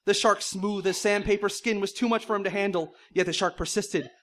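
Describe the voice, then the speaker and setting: A man's voice: high voice, fairly even intonation, a little fast, fairly bright tone. A man reading silly fan fiction aloud in mock-serious narration, often breaking into laughter. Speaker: comedic reader.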